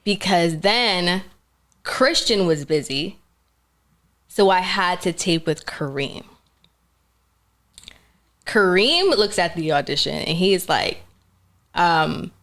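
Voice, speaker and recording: A young actress telling a story in a casual interview, animated and laughing, acting out what others said. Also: female voice, fairly low pitch, slow pace, long pauses. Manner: animated, laughing storyteller who acts out quotes. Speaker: actress guest.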